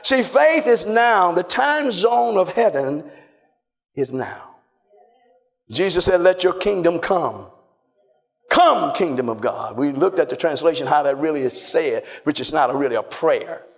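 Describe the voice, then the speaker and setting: A man preaching a sermon, emphatic and repetitive, often shouting and calling on the congregation to respond. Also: a little high, animated, unhurried.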